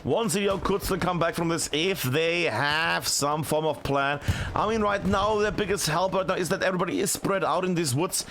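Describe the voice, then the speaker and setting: A man giving live play-by-play commentary on a video game match, chatty and excitable with many fillers. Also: a little high, moderate pace, slight background noise. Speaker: esports caster.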